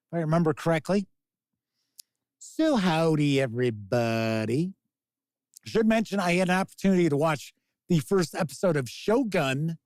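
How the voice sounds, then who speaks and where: An American man in his fifties, with a somewhat high voice and no room echo, hosts a casual live-stream chat. He rambles as he reads viewer comments aloud like a podcast host.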